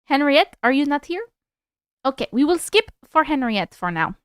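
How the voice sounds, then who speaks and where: Chatty woman streamer, high and super animated voice, swears a lot. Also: normal speed, dry recording, clean studio sound. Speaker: host reading viewer stories. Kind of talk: casual live-stream chat.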